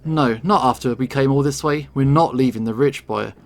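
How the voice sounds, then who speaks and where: A man's voice: medium pitch, normal speed, close to an everyday voice. A man voicing a wounded young male bat in a visual novel, hissing and swearing. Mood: hissing angry. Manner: hissing, profane.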